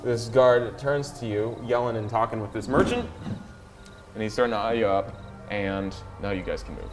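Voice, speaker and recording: Low-voiced man running a tabletop game. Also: expressive, normal speed. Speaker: game master. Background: background music.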